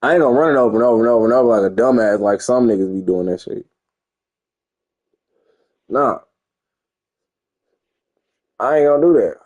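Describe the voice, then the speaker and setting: A man's voice: medium pitch, fairly quick, long pauses, a little mellow. A young man talking casually and profanely over his football video game, rambling and boasting. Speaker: gamer streamer. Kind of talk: casual gameplay commentary.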